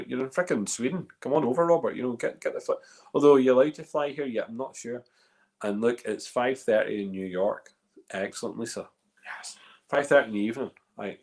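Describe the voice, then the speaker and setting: A Northern Irish man hosts a live tasting in a chatty, meandering way, stopping and restarting his sentences often. His voice sits at an ordinary middle pitch for a man. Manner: chatty, rambling, lots of fillers and restarts. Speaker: host of a whiskey tasting. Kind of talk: casual live-stream chat.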